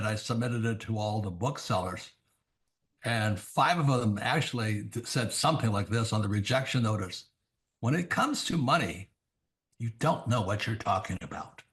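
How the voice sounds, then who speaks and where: A man's voice: mid-range voice, fairly bright tone. Brief: older male guest, plain mid voice, folksy and blunt, acts out the dialogue. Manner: blunt, anecdotal, acts out dialogue in quick bursts. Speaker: guest author and investor. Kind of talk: storytelling in an interview.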